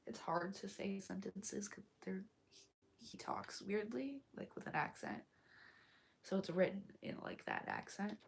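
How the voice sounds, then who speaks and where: A woman reading a story aloud while sick and hoarse, coughing between lines and often dropping to a whisper. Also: medium pitch, a little hiss or hum. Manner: slow, halting, often drops to a whisper. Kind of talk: casual live read-aloud with asides.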